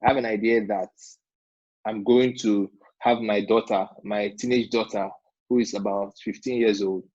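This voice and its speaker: A man's voice: fairly low pitch, fairly even intonation, normal speed, a little mellow, dry recording. A man, coaching would-be entrepreneurs in a seminar talk, emphatic and repeating his points, often checking in with "all right?". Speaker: business funding coach. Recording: dull lo-fi sound.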